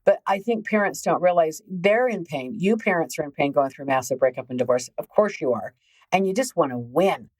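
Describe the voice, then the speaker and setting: A woman's voice: low voice, animated, fairly quick, low-quality recording. A middle-aged woman hosting a relationship podcast, talking casually and emphatically, repeating words for stress. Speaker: host, relationship healing coach.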